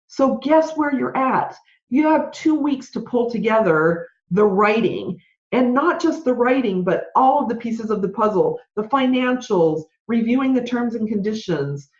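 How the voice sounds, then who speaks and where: Female podcast host, fast conversational rant, muffled roomy recording. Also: a little high. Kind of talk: solo podcast advice. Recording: roomy, dull lo-fi sound.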